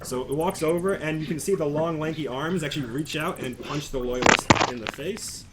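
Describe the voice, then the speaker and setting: A man's voice: fairly high pitch, fairly quick, heavy background noise. A man narrating as game master of a tabletop game in casual chat, often chuckling and restarting his sentences.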